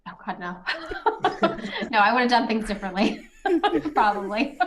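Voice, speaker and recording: A woman's voice: fairly high pitch, very animated, unhurried, slight background noise. A middle-aged woman lawyer answering interview questions in a chatty storytelling way, with light laughs.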